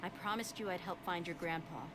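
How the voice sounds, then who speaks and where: A woman's voice: fairly low pitch, brisk, fairly bright tone. An actress playing a tough, blunt female mercenary in a game, talking in an easygoing, direct way.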